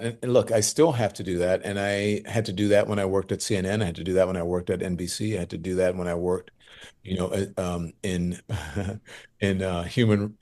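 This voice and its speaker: Deep-voiced animated man telling stories. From Louisiana. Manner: animated, lively storyteller who acts out quoted voices. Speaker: guest journalist. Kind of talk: conversational interview storytelling.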